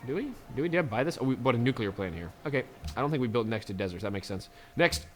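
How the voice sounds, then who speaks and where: A man's voice: mid-range voice, animated, rapid-fire. Chatty man doing game commentary. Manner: chatty, laughs often, talks to game units. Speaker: let's play gamer.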